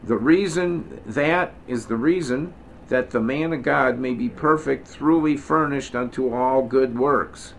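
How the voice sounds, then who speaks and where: Middle-aged male Bible teacher, casual and digressive, mid-pitched voice, stresses the scripture he reads. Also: unhurried, creaky, slight background noise. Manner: digressive, self-correcting, joking asides; reads scripture aloud with emphasis. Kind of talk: informal Bible study teaching.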